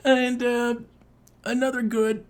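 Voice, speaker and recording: A man co-hosting a podcast in casual chat, crude and joking, with an animated way of talking. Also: extremely high pitch, slow pace, clear, resonant tone. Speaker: podcast co-host.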